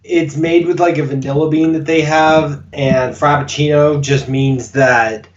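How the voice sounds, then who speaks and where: A man's voice: fairly high pitch, fairly even intonation, unhurried. A man chatting casually as co-host, laid-back and brief in his replies. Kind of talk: casual chat. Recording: slightly dull mic with faint hiss.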